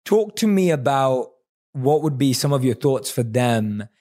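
A man's voice: mid-range voice, big pitch swings, measured pace, warm tone. Enthusiastic male podcast host. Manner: enthusiastic, affirming, rambling questions. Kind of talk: podcast interview.

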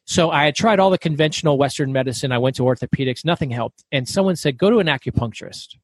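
A middle-aged man telling stories as a guest author in an interview, talking fast and loud. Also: on the high side, slight background noise. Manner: fast, loud, animated storyteller. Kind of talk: storytelling interview.

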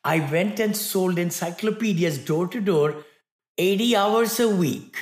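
A man's voice: high voice, unhurried, roomy sound. A man in his sixties from India with an Indian accent, a cheerful guest who laughs often in casual chat.

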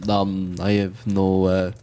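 A man's voice: sits low, monotone, slow, dark tone. A man running a tabletop game as game master, speaking unhurriedly and searching for words. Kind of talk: tabletop role-play narration.

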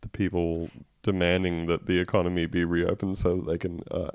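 A man's voice: low voice, level tone, brisk, no room sound, highs cut off. A man co-hosting a podcast, telling wry stories in casual comedic chat. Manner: dry, wry storytelling with laughs. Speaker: podcast co-host.

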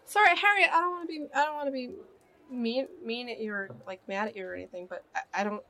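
A woman's voice: a little high, fast talker, fairly bright tone. A woman playing a tabletop game, earnest and searching for words. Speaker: player. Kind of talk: casual tabletop role-play.

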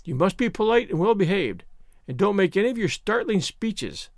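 A man doing a stern, brisk older woman. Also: high-pitched, big pitch swings, no echo, studio quality. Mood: scolding. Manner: brisk, scolding. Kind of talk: audiobook character reading.

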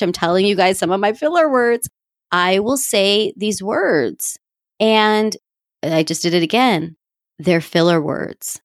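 A woman podcast host talks through advice in a relaxed, chatty way, breaking into laughter at her own slips. Her voice sits at an everyday middle pitch. She speaks close to the mic in a dry, dead-sounding space. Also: dry recording. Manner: chatty, laughs at herself often; coaching, addresses listeners directly. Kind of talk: casual self-help talk.

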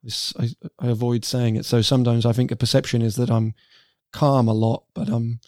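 A man's voice: medium pitch, level tone, fairly quick, darkish tone, dry recording, studio quality. A man co-hosting a podcast, speaking candidly and with self-deprecating humor in a casual conversation.

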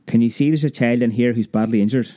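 A man voicing a determined mother who gives firm, brisk orders in a storybook reading. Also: medium pitch, fairly even intonation, dark tone, natural voice. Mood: commanding. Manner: firm, commanding.

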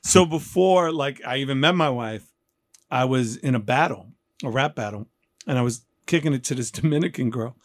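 Animated man in his fifties hosting. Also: mid-range voice, normal speed, no room sound, studio quality. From New York. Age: 50s. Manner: animated, jokey, acts out voices in his anecdotes. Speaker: podcast host. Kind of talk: casual interview chat.

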